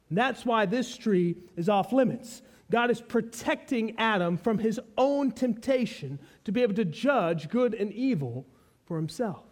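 A man's voice: very high-pitched, animated, moderate pace. A man preaching an expository sermon, teaching with emphasis and repeating key phrases.

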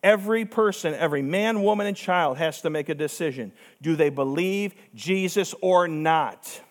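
Male pastor with a high-pitched voice, delivering an emphatic sermon full of rhetorical questions. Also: normal speed.

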